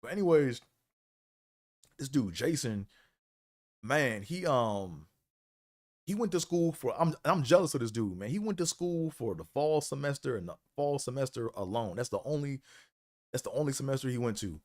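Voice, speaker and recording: A man's voice: medium pitch, expressive, moderate pace, long pauses. A man hosting a live stream, telling college stories in a laid-back way, full of "man" and "you know". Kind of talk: casual storytelling.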